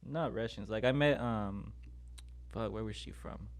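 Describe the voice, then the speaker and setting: A man's voice: lowish voice, measured pace. Laid-back young man teasing his co-host. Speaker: podcast co-host. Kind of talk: casual chat.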